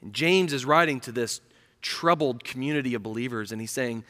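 A male pastor preaching a sermon, telling a story earnestly and falling to a hush for emphasis. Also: mid-range voice, fairly quick. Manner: storytelling, earnest, dropping to a hush on key lines. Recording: reverberant hall.

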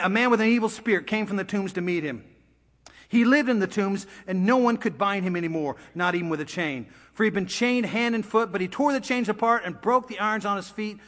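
A man's voice: high voice, a bit bright. A male preacher giving a casual, storytelling sermon with dramatic swings in delivery, heard in a church sanctuary. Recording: long hall reverb.

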